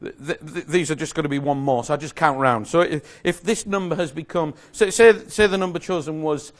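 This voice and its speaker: Man, slightly high voice, magic lecturer, chatty, self-correcting, jokey asides. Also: fairly quick. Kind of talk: live lecture explaining a routine. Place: lecture room with a live audience.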